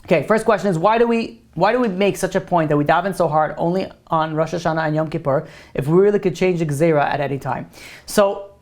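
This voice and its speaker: A man's voice: on the high side, fast. A man who is a rabbi, giving a religious class in a loose, conversational way, answering questions and telling a story.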